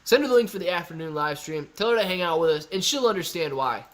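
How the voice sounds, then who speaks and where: A young man from Ohio chats casually on a live stream, his voice pitched a little above the usual male range. He reads viewer comments aloud and riffs on them in an easygoing, bro-ish way, close to a desk mic. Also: animated, fast, fairly bright tone. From Ohio, USA. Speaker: livestream host answering chat.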